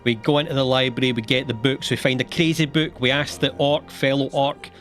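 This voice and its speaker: A young man narrating a comedic video game summary, sarcastic and animated, swearing casually and laughing between lines. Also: mid-range voice, brisk, faint music behind.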